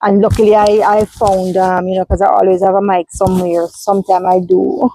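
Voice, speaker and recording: Jamaican woman, casual car vlog on a phone, mellow tone, emphatic and repetitive. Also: mid-range voice, steady tone, moderate pace, no room sound, low-quality recording. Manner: emphatic, repetitive, many fillers. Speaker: vlogger. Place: inside a parked car. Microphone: phone held in hand.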